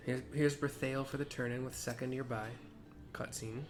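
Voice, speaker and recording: A man's voice: medium pitch, fairly even intonation, moderate pace, music in the background. A man casually narrating his gameplay for blind viewers, chatty and wry, reacting to the story as it plays.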